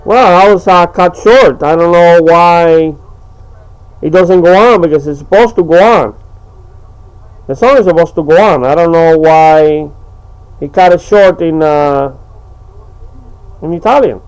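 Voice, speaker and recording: A man's voice: a little high, unhurried, pauses often, smooth, poor audio. A man talking in a rambling, hesitant way, full of fillers, in a casual home vlog. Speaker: home video maker.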